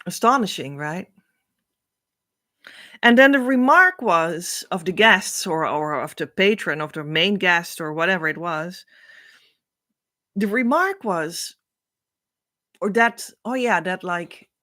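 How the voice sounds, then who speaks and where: Slow, earnest woman giving a spiritual talk. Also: fairly low pitch, lively intonation. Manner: earnest and rambling, with frequent soft laughs. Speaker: spiritual teacher.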